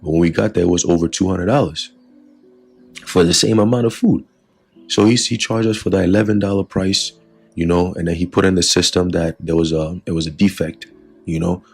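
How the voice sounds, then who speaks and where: A man with a low, gravelly voice gives a casual religious lesson. His speech is very husky and rough, and he keeps dropping in "you know" and "all right". Soft music plays faintly behind him. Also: steady tone, brisk. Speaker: religious teacher. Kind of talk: informal spoken religious lesson.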